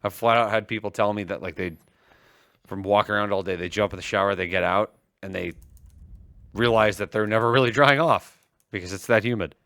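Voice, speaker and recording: Guy cohosting a tech stream, kinda low voice, chill and teasing, dry close mic. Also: a little fast, fairly bright tone, no echo. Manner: easygoing, teasing, chatty. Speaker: co-host. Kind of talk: casual tech chat.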